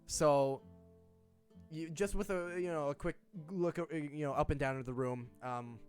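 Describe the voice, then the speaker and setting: A man's voice: a little high, measured pace, clean tone, faint music behind. A man narrating as game master, talking in a loose, rambling way with many fillers. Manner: relaxed, rambling, lots of fillers and laughs.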